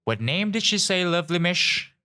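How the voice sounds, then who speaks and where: Male narrator putting on a rambling old woman on a scooter, sweet small talk, pitched up high. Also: sing-song, normal speed, bright, forceful tone, heavily acted. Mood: chatty. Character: chatty elderly woman on a mobility scooter.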